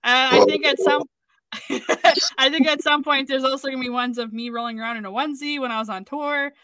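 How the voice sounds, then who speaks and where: A woman's voice: high-pitched, steady tone, a little fast, bright, forceful tone, no echo. A woman co-hosting a music radio show, chatting casually in a rambling, giggly way. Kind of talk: casual chat.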